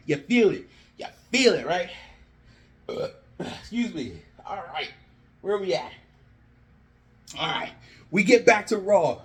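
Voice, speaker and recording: A man excitedly narrating his own wrestling storyline like a play-by-play caller, animated and sometimes shouting. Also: sits high. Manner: animated, breathless, shouts at big moments. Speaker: wrestling fan booking storylines.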